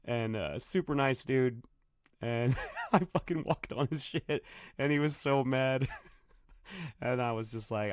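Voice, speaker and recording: A man's voice: medium pitch, takes it slowly, long pauses, clear, resonant tone, dry recording, studio quality. A man hosting a solo podcast, rambling through stories and swearing freely. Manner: profane, rambling storyteller. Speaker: podcast host, bartender. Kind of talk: casual solo podcast monologue. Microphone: computer microphone.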